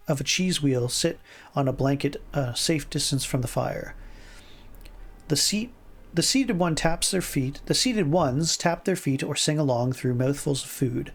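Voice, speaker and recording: A man streaming himself reading an interactive fiction game aloud, often stumbling and rereading words, with asides of his own. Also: fairly high pitch. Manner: stumbles and rereads words, chuckles, puts on voices for lines.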